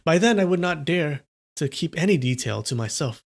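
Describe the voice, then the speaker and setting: A man's voice: a little high, expressive, normal speed, vocal fry, pitched above the performer's own voice. A man voicing a humble, earnest young swordsman who pleads with his master, as he reads a story aloud. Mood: pleading.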